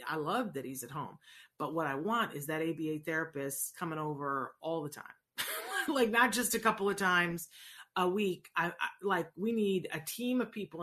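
A woman's voice: lowish voice, fairly bright tone. A middle-aged woman hosting a casual advice talk, answering viewers in an earnest, encouraging way with frequent rhetorical asides. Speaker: host answering viewer questions.

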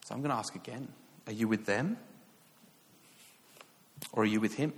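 A man's voice: on the low side, normal speed. An English man in his thirties tells a story from the pulpit, chatty and self-mocking, tripping over restarts and fillers. His voice carries a long reverb from a large hall. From England. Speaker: preacher. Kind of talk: sermon storytelling.

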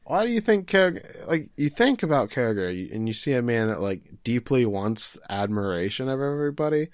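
A man's voice: mid-range voice, big pitch swings, dry recording, studio quality. A young man casually recapping an anime episode as a podcast co-host, joking and acting out the characters' lines. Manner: joking, acts out characters' lines in quick voices. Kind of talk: casual chat.

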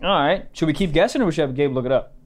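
A man's voice: on the high side, racing. A young man co-hosting a podcast, rambling and swearing playfully in casual chat. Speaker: podcast co-host.

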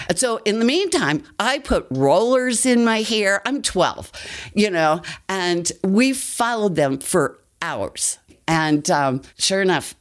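An older woman telling a personal story as a guest, in an animated, breathless way. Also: medium pitch, slow pace. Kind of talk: personal anecdote.

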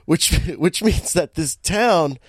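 A man's voice: fairly high pitch, slow pace, no room sound, studio quality. A man co-hosting a podcast, recapping a bad movie in casual chat, laughing often as he tells it. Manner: animated storytelling, laughing often, many restarts. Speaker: podcast co-host.

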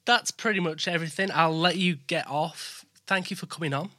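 A man with a Yorkshire accent hosts a relaxed live-stream conversation. His voice sits a little high and sounds sharp and bright, close and dry. He talks chattily, laughing and restarting his sentences. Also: a little fast, no echo. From England, West Midlands. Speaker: host. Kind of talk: casual chat on a live stream.

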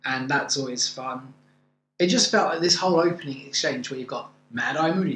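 A man's voice: medium pitch, fairly quick, fairly bright tone. A man co-hosting a podcast, chatting enthusiastically and sharing opinions. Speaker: podcast co-host. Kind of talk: casual chat reviewing a musical. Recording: echoey room with faint noise.

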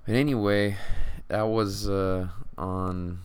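A man's voice: lowish voice, fairly even intonation, takes it slowly, a little mellow, clear, resonant tone. Profane, frustrated man ranting. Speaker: podcast host. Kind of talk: casual sports chat.

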